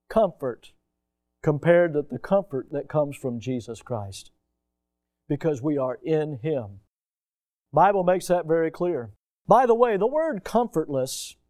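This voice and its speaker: A middle-aged pastor with a fairly high voice delivers a sermon. He stretches out key words slowly and then hurries through the rest, often dropping into a hushed, gentle tone.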